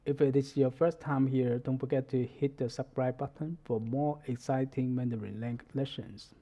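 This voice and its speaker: A man teaching a Mandarin lesson, explaining the tones in a measured, deliberate way. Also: mid-range voice, steady tone, dark tone, muffled recording. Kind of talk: scripted language lesson.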